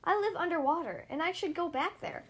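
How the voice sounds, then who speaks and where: A woman's voice: very high-pitched, brisk, pitched above the performer's own voice. A woman reading aloud, voicing a tiny shy female mermaid who talks primly and stammers.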